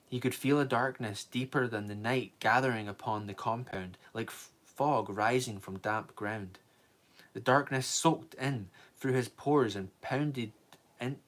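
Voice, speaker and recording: A man reading a novel aloud on a live stream, steady, with small slips he corrects. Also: medium pitch.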